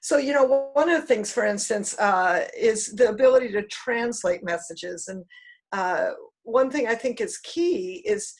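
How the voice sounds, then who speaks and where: A woman speaking on a video call in a husky, slightly breathy voice that sits a bit high. She coaches with upbeat energy, talking to an online group in a lively, encouraging way. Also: a little slow, soft background music, low-quality recording. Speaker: guest speaker on publicity. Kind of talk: online talk to a business group.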